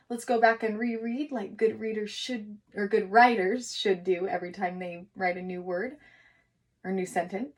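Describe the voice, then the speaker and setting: A woman teacher giving a recorded writing lesson to young children, speaking slowly and encouragingly and sounding out syllables. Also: medium pitch. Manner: slow, encouraging, sounding out words for kids.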